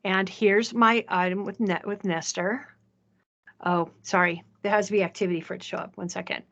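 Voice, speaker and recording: A woman presenting a software demo in a chatty way, often checking in with the audience. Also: mid-range voice, steady tone, moderate pace, muffled recording. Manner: chatty, asks "right?" often. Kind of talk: live software demo talk.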